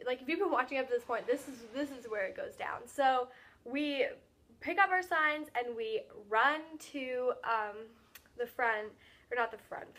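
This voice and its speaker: A teenage girl vlogger excitedly recapping her day, talking fast and filling every pause with "like". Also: a little high. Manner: gushing, fast, filler-heavy with lots of "like".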